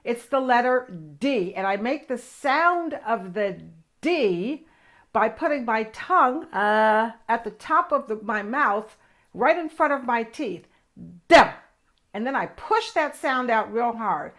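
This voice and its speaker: An older woman with a high voice teaches young children their letters. She is enthusiastic and exaggerated, and she slows down to sound out each letter carefully. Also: lively intonation, fairly bright tone. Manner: enthusiastic, exaggerated, slow demonstrative. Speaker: children's show host and teacher. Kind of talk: children's lesson.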